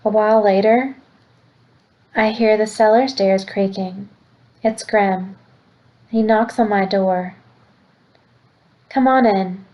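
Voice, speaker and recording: A woman teacher reading a novel aloud to a class in a plain, steady storytelling way. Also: medium pitch, takes it slowly, pauses often, highs cut off.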